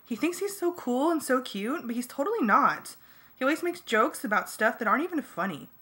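A woman's voice: sits high, very animated, brisk, fairly bright tone, pitched above the performer's own voice. A woman voicing a vain, stuck-up teenage girl who sneers at a boy in a fan-read audiobook. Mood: mocking. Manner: sneering, mocking.

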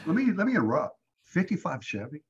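Lively male interview host, lo-fi sound. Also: fairly high pitch, fast, slight background noise. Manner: eager, chatty interjections. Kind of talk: casual interview chat. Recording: dull lo-fi remote audio.

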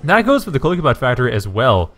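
A game caster gives chatty play-by-play of a strategy match at a quick pace, his voice low and groggy as if he's just woken up. He frequently corrects himself and gets excited by the action, with faint music playing behind him.

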